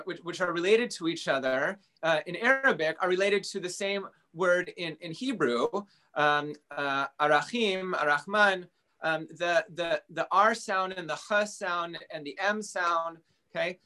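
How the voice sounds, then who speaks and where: A man who gives interfaith talks, explaining in a thoughtful conversational way and pausing to find his words. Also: high-pitched, pushed and bright. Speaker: interfaith speaker.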